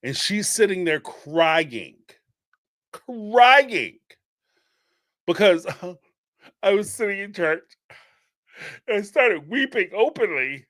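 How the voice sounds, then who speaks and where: A man's voice: sits high, fairly bright tone, dry recording, clean studio sound. A man hosting a reality TV commentary show, talking bluntly, swearing freely and laughing as he mocks what others said. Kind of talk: casual commentary monologue.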